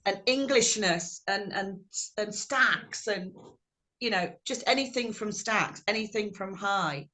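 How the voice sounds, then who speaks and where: Her mid-range voice moves at a slow pace as this middle-aged singer recounts stories over a video call interview. The storytelling is warm and animated, with quotes acted out.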